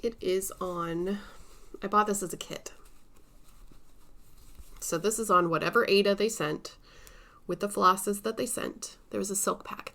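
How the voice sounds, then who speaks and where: A woman vlogger in casual show-and-tell chat about her stitching projects, unhurried and chatty, with some soft asides. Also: medium pitch.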